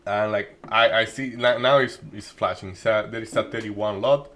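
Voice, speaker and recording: A man doing live trading commentary, thinking aloud with many restarts and halting phrases. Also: lowish voice, fairly even intonation, a bit bright, slight background noise. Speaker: day trading streamer.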